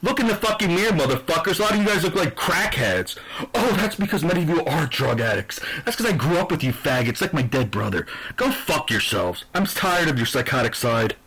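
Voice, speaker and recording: A man's voice: fairly high pitch, very animated, a little fast, a bit bright, husky, low-quality recording. A man from New Jersey hosting a sports picks channel, ranting in a profane, aggressive, heated way. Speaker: YouTube sports channel host.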